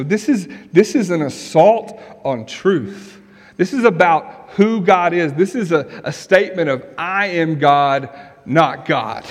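A male pastor preaching a sermon in an earnest, emphatic way, asking rhetorical questions. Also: on the high side. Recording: long reverb of a large hall.

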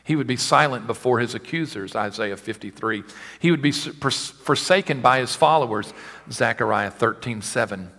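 A man preaching a sermon as a pastor, swinging between rising, forceful declarations and quiet, wry asides. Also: medium pitch, normal speed, in a large hall.

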